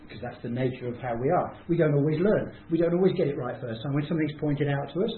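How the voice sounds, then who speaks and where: A man's voice: a little high, fast. A man giving an informal, conversational talk, self-deprecating and acting out people's reactions as he speaks. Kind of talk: informal talk to a small group. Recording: tinny, roomy, faint hiss.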